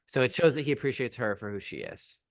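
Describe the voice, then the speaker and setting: A man co-hosting a podcast, recapping a movie in animated, joking chat. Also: mid-range voice, fast talker, creaky, no room sound, clean studio sound. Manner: animated, jokey, quotes characters in sped-up asides. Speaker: podcast co-host.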